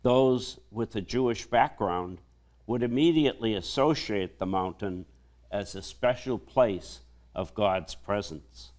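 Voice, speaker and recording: A male priest delivering a homily in a slow, measured preaching manner. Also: lowish voice, darkish tone.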